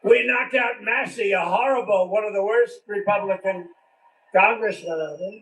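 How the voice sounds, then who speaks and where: Rally speaker, older man, highish voice, roomy far-off mic sound. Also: moderate pace, a bit bright. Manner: rambling, repetitive, with conversational asides. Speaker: politician giving a speech. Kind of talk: rally speech. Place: large venue with a crowd.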